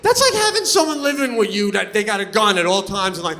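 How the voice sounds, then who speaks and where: A man performing stand-up comedy on stage, telling stories in a loud, animated way and yelling his punchlines. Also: high voice, fast, few pauses, long reverb tail, a crowd in the background. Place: comedy stage before a live audience.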